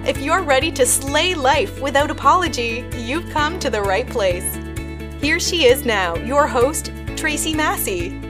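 A woman announces the show in a polished, upbeat scripted intro. Her voice sits high. Clear intro music plays under her the whole time.

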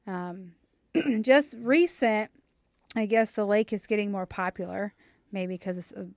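A woman recounts a local legend to her co-hosts in a loose, conversational way. She fills her pauses with ums and likes. Her voice sits at a middle pitch, and the sound is dry and close. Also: no room sound. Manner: relaxed storytelling with fillers. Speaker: podcast co-host. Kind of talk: casual chat.

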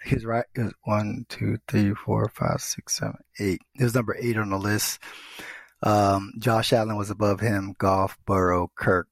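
Animated slangy man, dry sound. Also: on the low side, moderate pace, vocal fry, dry recording. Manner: animated, slangy, swears casually. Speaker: podcast co-host. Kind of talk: casual sports chat.

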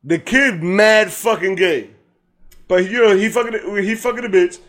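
Podcast co-host, male, high-voiced, loose and laughing storyteller who swears freely. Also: measured pace. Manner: animated storytelling, acts out lines, laughs often, swears freely. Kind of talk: casual chat.

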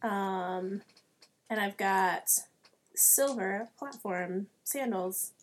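A woman playing a tabletop game, describing her character's actions slowly and hesitantly with a deadpan tone. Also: mid-range voice, slight background noise. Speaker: player.

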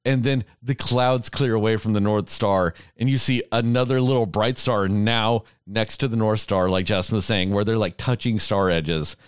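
A man's voice: fairly low pitch, clear, resonant tone, no echo, clean studio sound. A man in a casual chat, ranting emotionally with heavy swearing and laughing between his words.

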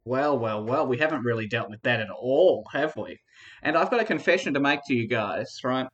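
Theatrical man, lively pitch. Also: fairly quick, highs cut off. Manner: theatrical, teasing. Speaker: debater. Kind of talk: mock debate speech.

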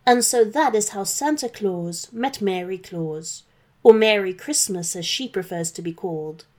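Woman reading a kids christmas story, slow and gentle, mid pitch. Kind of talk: scripted children's story narration.

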